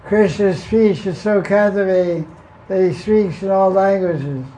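A man reading a devotional text aloud and then adding his own informal commentary, unhurried and often repeating words as he goes. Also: high-pitched, mellow, lo-fi sound. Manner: unhurried, repeats words and restarts, homely examples. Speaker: spiritual teacher reading and commenting on scripture.

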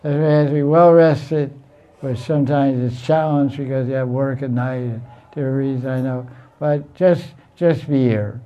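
A man's voice: mid-range voice, fairly even intonation, normal speed, mellow, clear, resonant tone, highs cut off. A man teaching a Sanskrit class in a blunt, teasing way, often repeating himself. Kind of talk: informal classroom lecture.

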